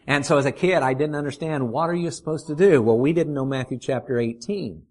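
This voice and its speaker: A middle-aged man preaching a sermon, earnest, putting questions to the congregation and slowing down to stress his points. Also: a little high, a little mellow. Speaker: pastor.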